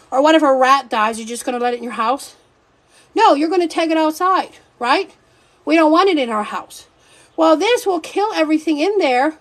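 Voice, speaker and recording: A woman hosting a casual live stream, talking in an animated, joking, scattered way that keeps interrupting itself. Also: high voice.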